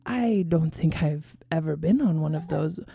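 A woman voicing a cheerful, slow-witted male teddy bear who talks earnestly and sings little songs. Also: low voice, gravelly, mellow, breathy edge, no echo, heavily acted. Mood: eager. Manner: humming, singsong, simple and earnest.

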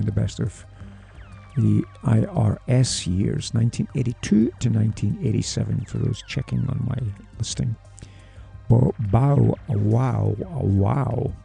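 Gravelly, dark-voiced man DJing over music. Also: on the low side, measured pace. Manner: chatty, jokey, talks to himself. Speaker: radio DJ. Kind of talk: casual radio back-announcing. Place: small radio studio. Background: music playing underneath.

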